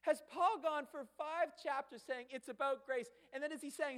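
A man's voice: very high voice, moderate pace, hardly any pauses. A man preaching a sermon as pastor, emphatic and fond of repeating phrases and asking rhetorical questions. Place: church sanctuary. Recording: long hall reverb.

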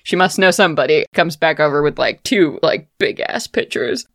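A woman's voice: low voice, moderate pace. A woman narrating a tabletop game as game master, loose and casual, swearing freely.

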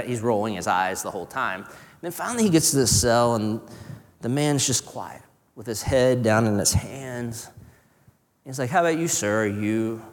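A man preaching a sermon in an earnest, conversational way, sometimes dropping to a hush. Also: medium pitch, lively intonation, normal speed. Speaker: pastor. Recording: reverberant hall.

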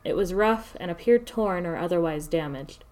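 A woman telling a first-person story in a steady, measured narration. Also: fairly low pitch.

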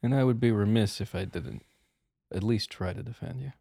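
A man playing a tabletop role-playing game in a playful, animated way. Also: lowish voice, fairly quick, creaky, breathy edge, dry recording, studio quality. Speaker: player.

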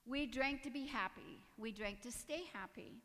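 A woman's voice: on the high side, normal speed, a bit bright, in a large hall. A woman giving a personal testimony in church, earnest and emotional, with nervous little laughs. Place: church sanctuary.

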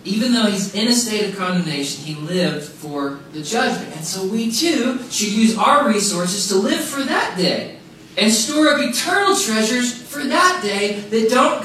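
Emphatic preacher in a very echoey room. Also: male voice, sits high, pushed and bright. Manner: emphatic, repeats key phrases, casual asides. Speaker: pastor. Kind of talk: sermon. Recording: very echoey room, mic far off, faint noise.

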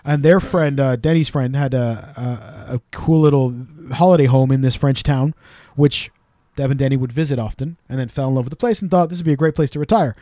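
A man telling stories in a casual, animated way as a podcast co-host, now and then doing quick voices of the people he quotes. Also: mid-range voice, no room sound, clean studio sound. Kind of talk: casual storytelling chat.

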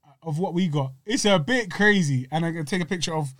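A man's voice: on the high side, quick pace, a bit bright, no echo, studio quality. A man co-hosting a podcast, talking casually in slang with many restarts while eating. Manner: rambling, slangy, chatty with food breaks. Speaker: podcast co-host.

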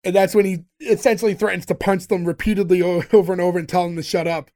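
A podcast co-host in casual chat, retelling a sitcom episode and acting out the lines with animated delivery. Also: medium pitch, quick pace.

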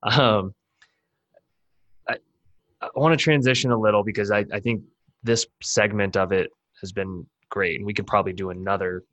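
A man hosting a podcast, talking in a relaxed, agreeable way as he chats with his guest. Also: lowish voice, moderate pace, pauses often, dry recording, dull audio. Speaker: podcast host. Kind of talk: casual podcast conversation.

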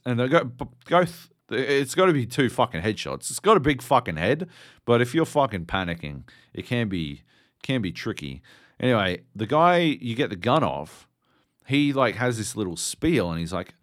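A man's voice: medium pitch, very animated, moderate pace, no room sound, clean studio sound. A man co-hosting a podcast, chatting casually in a rambling, profane way with many fillers. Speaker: podcast co-host.

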